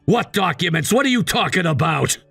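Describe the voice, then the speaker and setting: A man voicing a controlling, scornful husband in a text-message story, dismissive and given to shouting. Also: high-pitched, lively intonation, fairly quick, gravelly, husky, no echo, soft background music, exaggerated voice. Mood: angry, scornful. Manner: bossy and dismissive, shouting at times.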